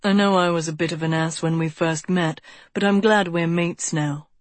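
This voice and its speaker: A woman's voice: lowish voice, fairly even intonation, moderate pace, no room sound, natural voice. A woman voicing a confident young prince, breezy and teasing, in an audiobook. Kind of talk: audiobook character voice.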